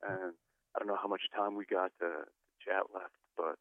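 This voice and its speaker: A man's voice: deep voice, fairly even intonation, normal speed, no room sound. A man chatting easily as an interview guest, telling a rambling story over the phone. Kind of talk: casual phone chat. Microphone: phone call. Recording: tinny phone line.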